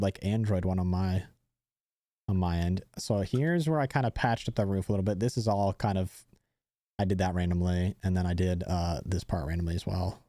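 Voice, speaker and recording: A man's voice: lowish voice, warm tone, dry recording, clean studio sound. A young man streaming live, chatting casually and rambling with many fillers and restarts.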